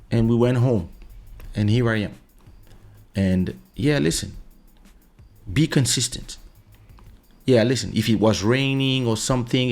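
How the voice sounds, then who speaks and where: A man's voice: mid-range voice, creaky. A male podcast host in his home office, talking casually and insistently, often repeating "listen" as he tells a personal story. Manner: insistent, keeps saying "listen" to drive points home. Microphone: studio USB mic.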